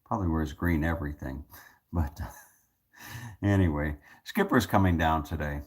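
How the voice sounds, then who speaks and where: A man with a very low voice chats to his viewers in a loose, rambling way. He restarts his sentences and repeats words often, and he drops in joking asides as he goes. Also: measured pace, slightly rough. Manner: joking, self-amused asides. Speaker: vlogger. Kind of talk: casual monologue to viewers.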